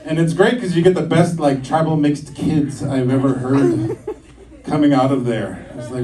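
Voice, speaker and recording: A man's voice: medium pitch, unhurried, mellow, echoey room. A man doing stand-up comedy at a campus show, teasing the crowd in a chatty way full of "like". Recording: distant live stage recording with audience laughter. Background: audience laughing.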